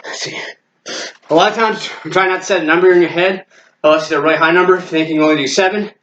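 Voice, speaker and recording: A man's voice: fairly high pitch, fairly even intonation, fast, a bit bright, muffled recording, slight background noise. Man, fitness instructor, mid-workout, counting reps, punching sounds, breathing hard. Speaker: martial arts fitness instructor. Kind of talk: workout instruction while exercising.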